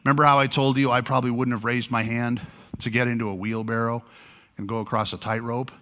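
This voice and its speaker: A pastor preaching a sermon, telling a story with lively energy and acting out the lines he quotes. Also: medium pitch, quick pace.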